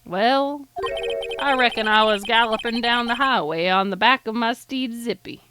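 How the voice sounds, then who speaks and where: A woman's voice: a little high, close to an everyday voice. Woman putting on a drawling cowboy lawman. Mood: wistful. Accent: put-on Texan cowboy drawl. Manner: folksy drawl, slow and easygoing. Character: drawling middle-aged cowboy lawman, laid-back and wistful. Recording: game music playing behind. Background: video game music.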